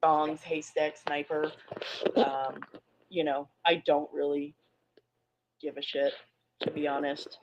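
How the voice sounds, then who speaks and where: A woman making a hesitant, subdued personal statement to an online community, pausing often. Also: low-pitched, little pitch movement, noisy background. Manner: subdued, hesitant, many pauses and ums. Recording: muffled lo-fi audio, played back on a stream.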